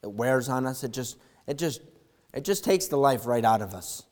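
A man preaching a sermon, reading scripture and swinging from quiet, low talk to loud, impassioned calls. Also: lively intonation, moderate pace, in a large hall. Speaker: pastor.

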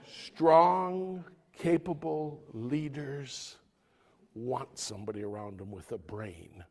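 A male pastor preaching a sermon, his delivery emphatic, dropping quiet and then rising loud. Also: mid-range voice, takes it slowly.

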